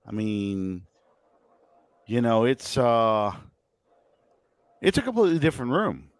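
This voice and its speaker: A man's voice: mid-range voice, sing-song, slow, no echo. A man hosting a casual sports talk show, hiccuping and rambling with many fillers. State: has the hiccups. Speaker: podcast host.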